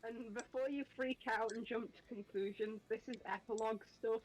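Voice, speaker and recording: A woman's voice: a little high, fairly even intonation, normal speed, soft background music, rough recording. A woman co-hosting a drawing stream, explaining things in a dry, wry way. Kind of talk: casual stream chat.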